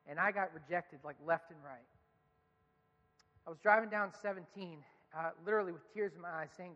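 High-voiced pastor preaching in a hall. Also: male voice, fast, a bit bright. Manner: earnest, questioning the congregation. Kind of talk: sermon. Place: church.

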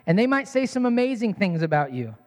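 A man's voice: high voice, very animated, fairly quick, darkish tone. A man in his thirties preaching a sermon as a pastor, earnest and emphatic, repeating his key lines. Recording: long hall reverb.

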